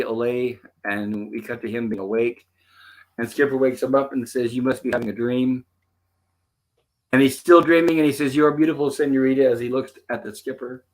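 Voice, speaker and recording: A man hosting a casual show, retelling scenes and quoting the characters' lines. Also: mid-range voice. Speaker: host. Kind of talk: casual episode commentary.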